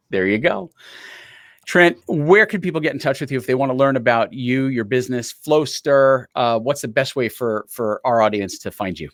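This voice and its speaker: A man's voice: mid-range voice, expressive, a bit bright. A chatty male podcast host, swapping stories with an easy laugh. His voice sits mid-range with a dry, close sound and no room echo. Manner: chatty, anecdotal, quick to laugh. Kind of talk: casual interview chat.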